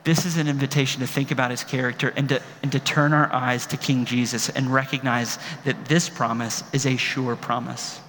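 A man preaching a sermon as pastor, impassioned, moving between quiet reflection and emphatic calls. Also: mid-range voice, level tone, fairly quick, few pauses. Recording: long hall reverb, faint room noise.

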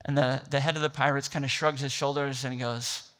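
A man's voice: mid-range voice, level tone, a little fast, a bit bright, big-room sound. A man preaching a sermon, retelling a film scene and building to an impassioned, rising climax. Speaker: pastor.

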